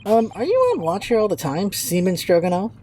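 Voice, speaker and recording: A woman's voice: mid-range voice, brisk, warm tone, a little hiss or hum, lightly acted. A woman voicing a polite, hesitant young male student in a video game, in a raised voice. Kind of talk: game voice-over.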